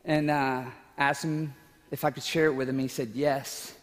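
A man's voice: mid-range voice, flat delivery, normal speed. Man preaching in a reverberant hall. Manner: emotional, tearful at times, laughing asides. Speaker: pastor. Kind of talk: sermon with personal story.

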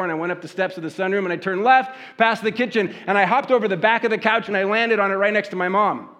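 High-voiced man preaching, animated storyteller. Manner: conversational, animated storytelling with rhetorical questions. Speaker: pastor. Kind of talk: sermon.

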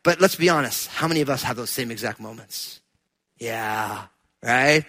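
A man from New Jersey preaching a sermon, chatty and storytelling at first, then rising into loud, emphatic preaching. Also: medium pitch, normal speed. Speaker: pastor.

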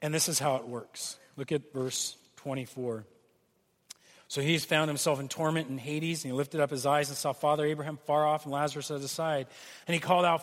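High-voiced preaching man in a reverberant hall. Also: fairly even intonation, a little fast. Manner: earnest preaching, acts out pleading quotes. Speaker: pastor. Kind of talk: sermon.

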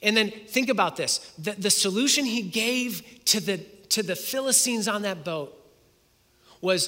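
Bright-voiced male preacher in a reverberant hall. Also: sits high, a little slow. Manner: expository preaching, rhetorical questions, retelling in first person. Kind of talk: sermon.

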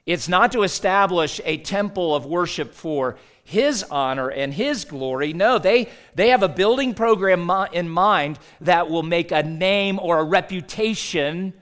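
A man's voice: high voice, unhurried, a bit bright. A man delivering a sermon as a pastor, conversational, asking rhetorical questions and reading scripture aloud.

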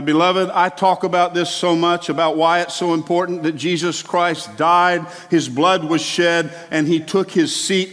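A male pastor delivering a sermon in a church, animated and exclamatory, with chatty asides to the congregation. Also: on the high side. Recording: long hall reverb.

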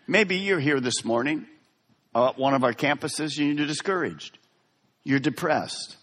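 A man preaching a sermon as pastor in a large church hall, dramatic, swinging from soft to loud. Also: a little high, lively intonation, unhurried, long pauses. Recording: long reverb of a large hall.

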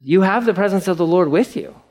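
A man's voice: sits high, lively intonation, fast, darkish tone. A male pastor preaching a conversational sermon, acting out quotes and asides.

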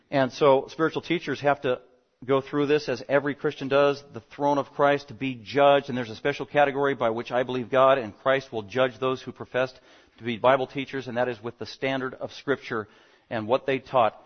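This medium-pitched male pastor delivers an expository sermon at a fast, animated clip. His delivery alternates between loud emphatic moments and quiet asides, captured in dull, lo-fi audio.

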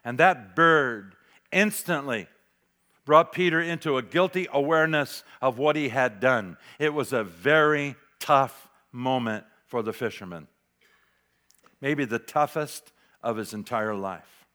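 A man preaching a sermon as pastor, dramatic, swinging between loud declarations and near-whispered asides. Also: mid-range voice, measured pace. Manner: dramatic, varies loudness, drops to near whisper for emphasis.

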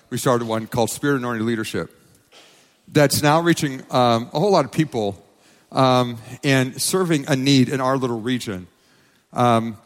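A man preaching a sermon as pastor, emphatic and repeating his phrases. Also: mid-range voice. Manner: emphatic, repeats phrases, quotes people in acted voices. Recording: long reverb of a church hall.

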